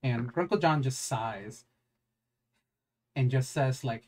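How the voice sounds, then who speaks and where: Game master narrating a tabletop game, mid pitch, rambling, filler-heavy, casual swearing. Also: takes it slowly, long pauses, darkish tone.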